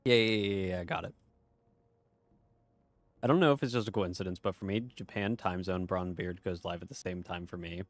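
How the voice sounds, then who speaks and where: A man's voice: low voice, normal speed, pauses often, no room sound. A man streaming a game, chatting casually and reading chat aloud in a laid-back, profane way.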